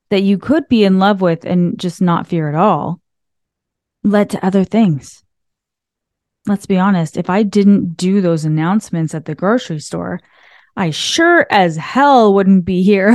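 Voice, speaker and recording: A woman's voice: mid-range voice, slow, a little mellow, no echo, studio quality. A woman hosting a podcast, talking casually from behind her desk, laughing often and filling her speech with "like.". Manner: chatty, laughs often, filler "like". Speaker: podcast host. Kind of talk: casual motivational monologue. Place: small room behind a desk. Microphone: desk microphone.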